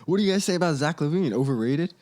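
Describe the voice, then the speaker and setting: A man hosting a podcast, chatting casually and joking, quick to agree. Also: a little high, lively intonation, darkish tone. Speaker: podcast host. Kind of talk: casual chat.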